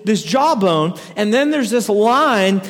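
A man's voice: high-pitched, slow. A man preaching a casual, joking sermon to a crowd, telling a story with frequent laughs. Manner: joking, animated, laughs often. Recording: echoey hall reverb.

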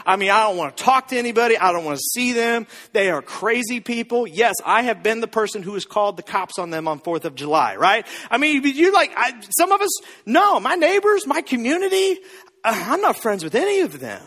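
A man preaching a sermon as pastor, telling the story in an animated, joking way. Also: sits high, a little fast, few pauses, long reverb tail. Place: church.

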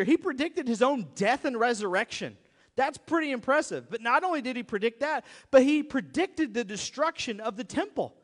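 A high-voiced male pastor preaches with a lively, swooping delivery, slipping into voices for the people he quotes. His words ring out with a long reverb in a large church hall. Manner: animated, conversational, acts out quoted voices. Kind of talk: sermon.

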